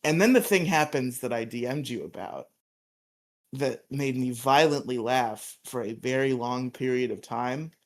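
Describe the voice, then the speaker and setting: A man in a casual podcast recap, his voice sitting in an ordinary middle pitch. He tells the story loosely and chuckles often along the way. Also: animated, unhurried. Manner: laughs often, quotes characters in put-on voices. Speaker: podcast co-host.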